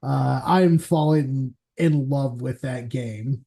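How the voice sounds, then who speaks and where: A man's voice: medium pitch, slow, vocal fry, mellow. A man hosting a stream, chatting casually in a laid-back way, swearing and laughing often. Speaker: show host.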